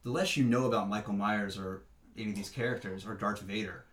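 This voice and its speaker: A man's voice: lowish voice, fairly even intonation, brisk. A man chatting casually on a podcast, rambling through pop-culture talk with many fillers. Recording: roomy room sound.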